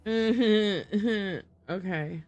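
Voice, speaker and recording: Slow-talking woman puzzling aloud on stream. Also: mid-range voice, darkish tone, no room sound, dull audio, soft background music. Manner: thinking aloud, muttering over word puzzles. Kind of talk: casual gameplay livestream.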